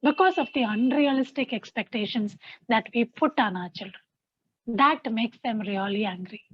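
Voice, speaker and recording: A woman's voice: on the high side, normal speed, slightly rough, dry recording. A woman giving an earnest teaching talk on parenting at a mothers' fellowship. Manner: earnest, repetitive, gently instructive. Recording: dry, slightly muffled recording.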